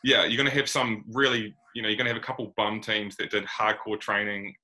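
A man's voice: on the low side, little pitch movement, a little fast, sharp tone, slight background noise, poor audio. A New Zealand man hosting a casual basketball chat, rambling and laid-back with plenty of slang. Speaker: podcast host.

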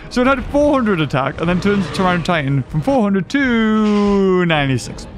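A young man giving playful, excitable commentary on his own gameplay, joking and reacting as he goes. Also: high-pitched, moderate pace. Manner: playful, jokey, bursts of excitement. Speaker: gaming video host. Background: game music.

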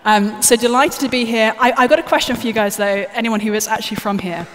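A woman with a slightly high voice talks fast while giving a live conference talk from the stage of a large hall. She's chatty and jokes with the audience, picked up by a stage microphone with live hall reverb and faint noise.

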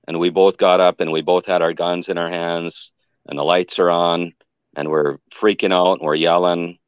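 Low-voiced man rambling through an eerie story. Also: steady tone, moderate pace, smooth, no echo, lo-fi sound. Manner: rambling, restarts and self-corrections. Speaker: guest telling an encounter. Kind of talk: casual storytelling.

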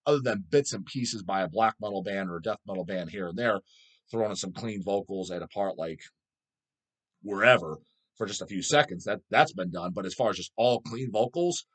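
A man's voice: fairly low pitch, a little fast, slightly rough. A man hosting his own channel, answering viewer questions in a blunt, crude, constantly swearing rant. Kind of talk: profane casual rant.

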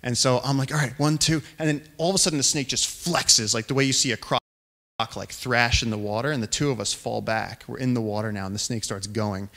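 A young adult man giving a live storytelling talk to an audience, animated and acting out the voices of the people in his story. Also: mid-range voice, fairly quick, creaky. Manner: animated storyteller, acts out quoted voices, rising excitement. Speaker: featured speaker.

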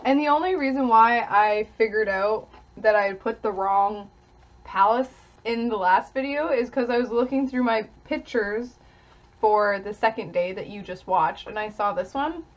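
A woman's voice: fairly high pitch, muffled recording. A young woman, talking casually to camera while eating, chatty with little giggles. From Canada. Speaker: vlogger.

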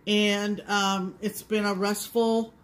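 Woman cohosting a stitching vlog, slow halting chat, lots of pauses. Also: medium pitch, little pitch movement. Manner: measured, halting with many pauses. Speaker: co-host of a cross-stitch show. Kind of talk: casual chat to viewers.

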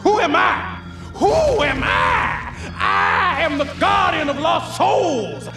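An actor voicing a small, boastful male guardian dragon who talks loud and brash in an animated film. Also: extremely high pitch, slow, creaky, heavily acted. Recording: echoey film mix with loud music.

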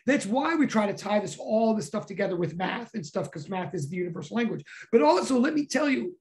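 A physics professor giving an energetic classroom lecture, emphatic and excitable, peppering speech with "like" and breaking into loud bursts. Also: mid-range voice, a little fast, hardly any pauses.

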